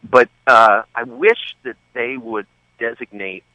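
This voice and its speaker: A man guesting on a talk radio show, speaking in an animated, sardonic way and tossing in wry asides about politics. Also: mid-range voice, slow pace, dry recording. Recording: dull lo-fi line, dry.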